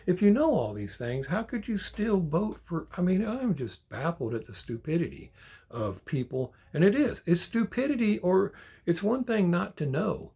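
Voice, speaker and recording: Ranting man with a higher voice. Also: very animated, normal speed, gravelly, a little mellow, husky. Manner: frustrated, ranting, swears often; repeats words and restarts when worked up. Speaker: die-cast toy collector channel host. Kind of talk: casual monologue to viewers.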